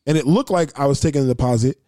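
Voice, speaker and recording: Fast-talking, swearing man telling stories. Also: medium pitch, dark tone, no echo. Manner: fast, swearing, acts out others' lines. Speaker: storyteller in a group chat. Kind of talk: casual profane storytelling.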